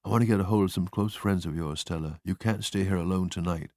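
A man doing a calm, stern man in a crisis. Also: deep voice, quick pace, dry recording, clean studio sound, close to an everyday voice. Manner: firm, steady, quietly commanding. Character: calm, stern screenwriter taking charge in a crisis.

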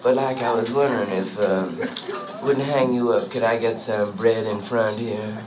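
A man playing a smooth-talking hipster jazz trumpeter who speaks in laid-back jive slang, low and mumbled. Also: fairly even intonation, moderate pace, crowd noise, natural voice, poor audio. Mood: wheedling. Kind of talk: stand-up character bit. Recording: loud noise, audience laughter.

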